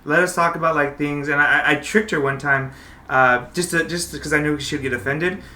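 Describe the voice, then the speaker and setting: A man's voice: on the high side, steady tone, fairly quick, pushed and bright. A man hosting a podcast, telling rambling stories full of restarts in casual chat. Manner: rambling storyteller with frequent restarts. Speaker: podcast host. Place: podcast studio. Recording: roomy studio sound.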